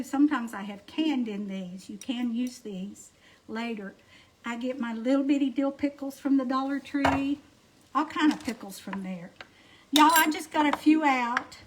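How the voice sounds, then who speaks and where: A middle-aged woman with an Alabama Southern accent, chatting folksy and easy while she cooks at home on a livestream and greets viewers by name. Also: high voice. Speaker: home cooking livestream host. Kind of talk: casual cooking livestream chat. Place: home kitchen. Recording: noisy kitchen with clattering dishes.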